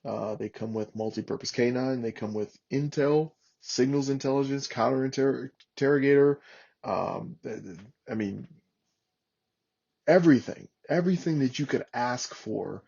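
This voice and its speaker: A man's voice: medium pitch, vocal fry, warm tone, slightly rough, muffled recording. A man, a former Marine, telling candid war stories as a podcast guest, swearing freely and acting out old radio calls. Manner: halting with many fillers. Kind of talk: casual war story telling.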